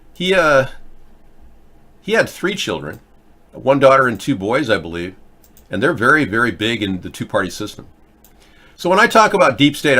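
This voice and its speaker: With a mid-range, slightly bright voice, this fifty-something host rambles through casual political commentary on his chat show, often hesitating and starting over.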